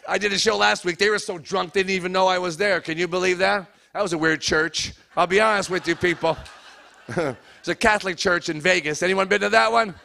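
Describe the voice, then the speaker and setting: A man's voice: high voice, fairly even intonation, brisk, gravelly, sharp tone. A middle-aged man doing a stand-up comedy routine in a church hall, teasing the live audience between jokes. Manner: crowd work, teasing the audience.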